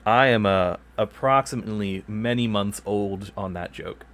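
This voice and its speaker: A man's voice: lowish voice, moderate pace, fairly bright tone. A man hosting his gaming channel, chatting casually while he streams, rambling, correcting himself often and joking along. His microphone sits some distance from his mouth. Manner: rambling, self-correcting, playful. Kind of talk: casual chat while live streaming gameplay. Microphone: microphone kept far from the mouth.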